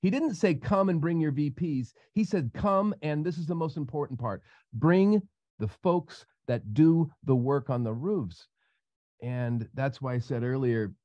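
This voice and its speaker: A man, a roofing company owner, telling a rambling, emotional story in a casual panel chat. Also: mellow. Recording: muffled low-fidelity audio.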